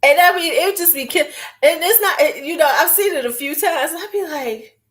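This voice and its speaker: A woman talks casually to her viewers. She is blunt and animated, and she pokes fun at herself as she goes. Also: high voice, normal speed. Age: 40s. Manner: blunt, animated, profane, self-mocking. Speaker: beauty vlogger. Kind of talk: casual chat.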